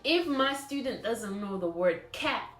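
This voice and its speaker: A woman's voice: on the high side, lively intonation, measured pace, echoey room, faint music behind. A woman teacher trainer giving a recorded lecture, explaining patiently and thinking aloud with fillers and restarts. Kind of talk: recorded lecture on lesson scripts.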